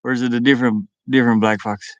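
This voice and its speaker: Young male streamer, chatty and giggly, close dry sound, middle pitch, casual van livestream. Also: level tone, rapid-fire, no echo, muffled recording. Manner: rambling, laughs often, restarts words. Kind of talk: casual live-stream chat. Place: inside a van.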